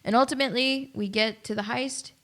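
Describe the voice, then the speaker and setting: A woman co-hosting a film podcast, chiming in quickly and finishing her partner's sentences. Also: on the high side, steady tone, fairly bright tone. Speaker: podcast co-host. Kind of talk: casual film review chat.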